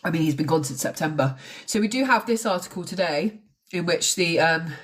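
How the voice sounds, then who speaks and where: A woman's voice: fairly low pitch, fairly quick. A woman talking casually on a live stream about a crime case, chatty and blunt, with the odd swear. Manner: chatty, swears, mocks accents.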